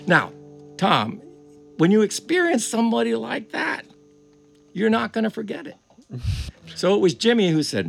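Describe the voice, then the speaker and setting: A male musician telling stories in a casual chat, animated and chuckling often. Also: high-pitched, normal speed, creaky, long pauses, faint music behind. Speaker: guest musician. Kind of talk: casual storytelling.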